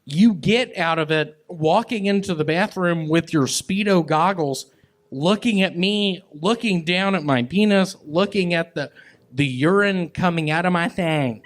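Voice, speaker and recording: High slow-talking man comic. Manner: drawling, rambling and absurd, slow and halting. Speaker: stand-up comic guest. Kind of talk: stand-up and banter on a comedy podcast. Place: comedy club stage.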